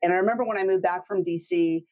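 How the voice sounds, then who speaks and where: A middle-aged woman who grew up in Texas, telling lively stories in a casual chat and mimicking other people with big jumps in pitch. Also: fast, rough recording. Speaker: law firm owner, host.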